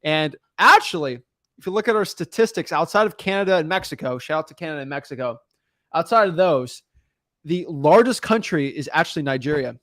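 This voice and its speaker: A man hosting a podcast in casual chat, energetic and emphatic, rambling with frequent restarts. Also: on the high side, fairly quick, dry recording, studio quality. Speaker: podcast host.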